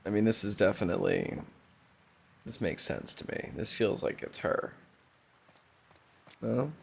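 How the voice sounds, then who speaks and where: A man's voice: on the low side, a little slow, gravelly, breathy edge. A man streaming a video game, giving casual, joking commentary and swearing freely. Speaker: gaming streamer.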